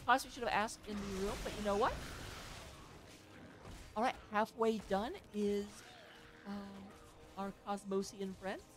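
A woman casting an amateur esports match with play-by-play commentary, chatty and excitable, with joking asides. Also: mid-range voice, measured pace, pauses often, background noise. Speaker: esports caster.

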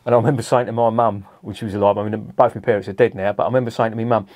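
A man's voice: lowish voice, steady tone, racing, darkish tone. A middle-aged man, reviewing a beer in a casual, rambling and sweary way at home.

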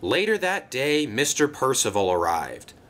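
A man reading a children's toy-train story slowly, with a bright, lively voice. He takes his time and lets the pitch move freely. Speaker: narrator. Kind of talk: storybook narration.

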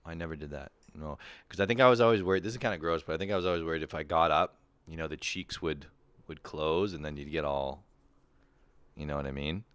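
A man's voice: very deep voice, fast, a bit bright, smooth, no echo. A man hosting a podcast in crude, joking casual chat, teasing his guest. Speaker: podcast host.

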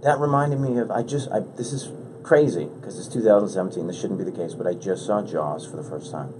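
A man's voice: fairly low pitch, fairly quick, background noise. A man hosting a podcast in casual chat, telling rambling stories full of restarts, recorded in a radio studio room. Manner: rambling, animated storytelling with many restarts. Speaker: podcast host.

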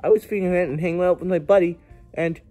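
A man's voice: sits high, steady tone, fast talker, dark tone, faint music behind, voice pushed up, close to an everyday voice. A man voicing a rambling plush cowboy toy. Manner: rambling, stumbling over words. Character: goofy plush cowboy toy, gross-out joker.

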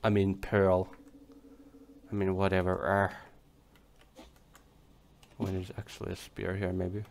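Slow, gravelly young man gaming. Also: low-pitched, completely flat delivery, a little mellow, a little hiss or hum. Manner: chatty, swears, talks to creatures on screen. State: hoarse, coughing. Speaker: let's play gamer. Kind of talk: casual gameplay commentary. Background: game music.

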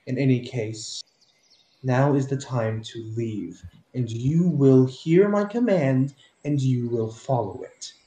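A man voicing a haughty, domineering female commander in a tabletop game, speaking slowly and imperiously. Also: mid-range voice, dark tone, echoey room, natural voice, rough recording. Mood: commanding.

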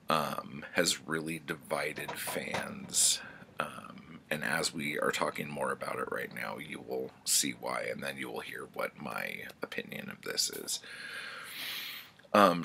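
A man's voice: very deep voice, gravelly, bright, forceful tone, slight background noise. A man who runs a book channel, retelling a story in a casual, rambling way, full of fillers and swearing. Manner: rambling, filler-heavy, profane. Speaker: book vlogger.

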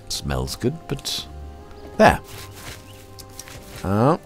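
A man's voice: deep voice, very animated, takes it slowly, gravelly, long pauses, a bit bright, faint music behind. A man hosting a let's play, rambling to himself with mock anger as he plays. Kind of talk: casual gameplay commentary.

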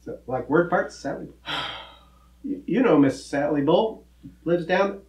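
Playing a good-natured cowboy teacher in a children's comedy skit, a man explains word parts with a folksy drawl and corny jokes. His voice is a little high and darkish in tone, his pace measured, and the sound reverberant. He comes across friendly.

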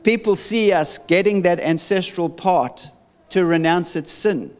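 A man with a somewhat high voice teaches conversationally, jumping into animated stories and restarting his sentences often. His voice rings out with a long reverb. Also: a little slow. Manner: animated storytelling with many restarts. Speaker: deliverance minister.

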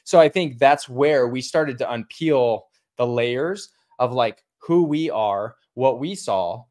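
A man's voice: medium pitch, takes it slowly, darkish tone. A man co-hosting a podcast, talking casually and reflectively with his wife. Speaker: podcast co-host. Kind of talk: casual conversation with spouse.

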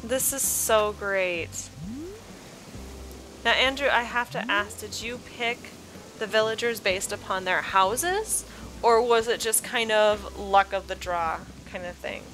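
A woman's voice: medium pitch, a bit bright, slight background noise, rough recording. A woman hosting a video tour of a game island, gushing and exclaiming over what she sees, a little sleepy. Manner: gushing, effusive, exclaims often. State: sleepy, yawning. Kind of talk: casual gameplay commentary. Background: background music.

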